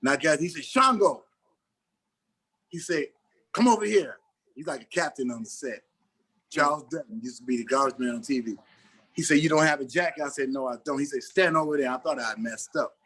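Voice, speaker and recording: A man's voice: mid-range voice, quick pace, breathy edge. A middle-aged man, an actor being interviewed on a podcast, telling a personal story and acting out the lines of the people in it. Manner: animated storyteller who acts out dialogue.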